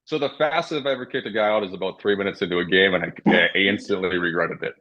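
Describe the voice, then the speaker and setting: A man's voice: low-pitched, quick pace, highs cut off. A man, a former hockey referee, telling casual, profane stories as a podcast guest. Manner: profane, animated anecdotes. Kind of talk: casual storytelling.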